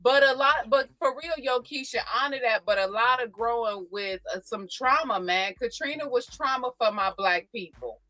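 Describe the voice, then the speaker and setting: A woman hosting a casual chat show, animated and teasing, laughing often. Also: a little high, normal speed, few pauses, no echo. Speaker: show host.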